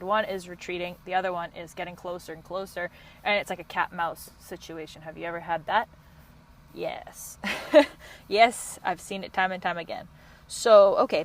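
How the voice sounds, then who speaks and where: A woman coach hosting a solo podcast, talking in a passionate, quick and high-energy way. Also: poor audio. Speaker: podcast host and couples coach.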